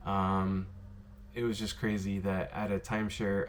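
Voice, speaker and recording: A man casually telling stories to the camera about his bartending days, rambling and filling pauses with "um" and "you know". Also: on the low side, little pitch movement, slight background noise. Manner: rambling, filler-heavy, lots of "you know" and "um". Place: worked in Las Vegas.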